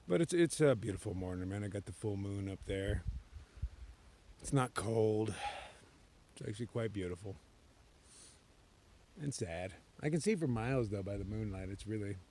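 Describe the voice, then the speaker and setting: A man's voice: on the low side, a little mellow, a little hiss or hum. A man vlogging to himself outdoors on a mountain trail, laid-back and joking, swearing freely as he talks. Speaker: thru-hiker vlogger. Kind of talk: casual vlog monologue.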